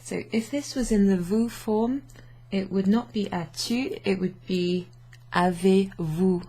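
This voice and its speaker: A young woman with a mid-range, mellow, husky voice speaks a little slowly as she teaches French casually at her home desk. She mixes English with French and laughs often in this informal lesson from her home office with a standing desk.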